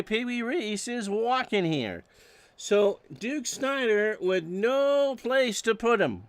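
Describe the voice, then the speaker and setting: A man with a high voice calls baseball play-by-play at an unhurried pace, reading stats and slipping in dry jokes, then getting loud when a big play comes. The close mic gives a dry sound. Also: clear, resonant tone, no room sound. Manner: dry joking asides between stats, erupts on big plays. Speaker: play-by-play announcer. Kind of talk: solo baseball play-by-play of a simulated replay.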